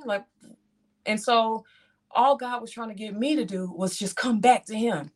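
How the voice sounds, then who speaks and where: A woman in her thirties, speaking, tells a personal testimony in animated style and acts out her own reactions as she talks to the audience. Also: a little high, unhurried. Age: 30s. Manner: talks straight to the audience, calls them "y'all".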